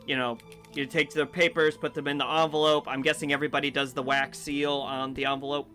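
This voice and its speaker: Guy game-mastering a tabletop session, bright voice, bit higher, music faint behind. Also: flat delivery, fairly quick. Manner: casual, hesitant narration with many fillers.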